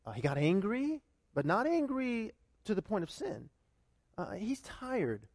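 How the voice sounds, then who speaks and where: Male pastor, very high and animated voice, chatty sermon full of questions, dry close sound. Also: unhurried, dry recording. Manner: conversational and animated, with many repeated starts and rhetorical questions.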